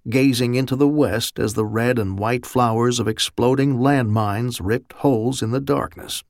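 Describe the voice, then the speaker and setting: A man giving steady, measured audiobook narration on a close studio mic. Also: mid-range voice, creaky, no echo.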